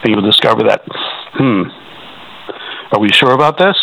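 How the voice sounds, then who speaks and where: A worked-up Canadian man calling a radio show, his voice bright and forceful. He trips over his words and restarts often as he argues. It sounds like a radio phone-in broadcast. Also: fairly low pitch, moderate pace, creaky, low-quality recording. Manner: agitated, repetitive, stumbling restarts. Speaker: caller. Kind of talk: call-in radio talk.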